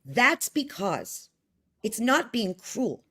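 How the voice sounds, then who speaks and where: A woman's voice: on the high side, sing-song, slow pace, a bit bright, breathy edge. Discursive woman guest asking rhetorical questions. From United States. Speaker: guest scholar. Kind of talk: conversational discussion.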